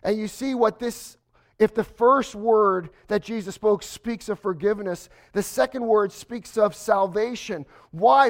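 Pastor, man, fairly high voice, dynamic sermon delivery moving between quiet and forceful. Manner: swings from hushed to emphatic, slows for stress.

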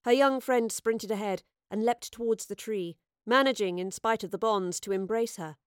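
A woman's voice: mid-range voice, smooth, no echo. Woman narrating a storybook, dry and close. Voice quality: measured, expressive storytelling. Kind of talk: audiobook narration.

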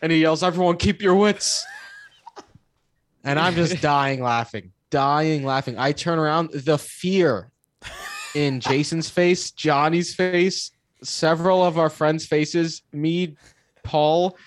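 A young man co-hosting a podcast, telling a story in a casual, animated way, laughing and swearing as he goes. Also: on the high side, slow, no room sound, studio quality. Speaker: podcast co-host.

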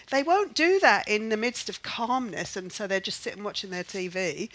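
A woman's voice: medium pitch, normal speed, few pauses, a bit bright, poor audio. An older woman leading a Bible study, teaching in an earnest, emphatic way and repeating phrases to drive her point home.

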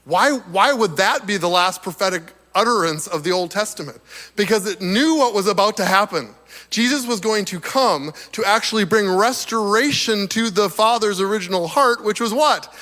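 A man preaching a sermon in an animated way, chuckling between points, his voice slightly hoarse as he loses it. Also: high voice, moderate pace. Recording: long reverb of a large hall.

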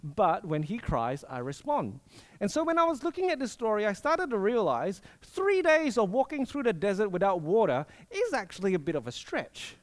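Animated high-voiced preacher man. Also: a little fast, hardly any pauses. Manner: animated storytelling, acting out quoted voices. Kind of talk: sermon with personal story.

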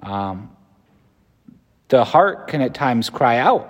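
A man's voice: medium pitch, very animated, slow pace, long pauses. An American man, a Catholic priest, giving a conversational homily with fillers and restarts. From United States. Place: church. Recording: long reverb from a church.

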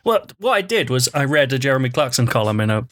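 A man's voice: mid-range voice, very animated, quick pace, fairly bright tone. A man hosting a casual comedy podcast, rambling cheerfully and laughing often.

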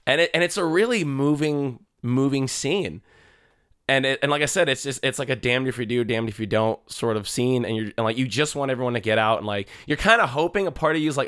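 Animated, swearing young man, bright voice. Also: mid-range voice, smooth, no echo, studio quality. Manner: excitable, swears a lot, acts out scenes in quoted voices. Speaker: podcast co-host. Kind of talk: casual chat about a film.

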